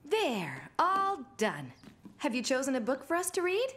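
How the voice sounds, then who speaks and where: Patient cartoon mom, high and very animated, music behind. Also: female voice, unhurried, exaggerated voice. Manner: calm, patient, explaining. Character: warm, busy young mother. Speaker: mommy. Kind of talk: animated children's series dialogue.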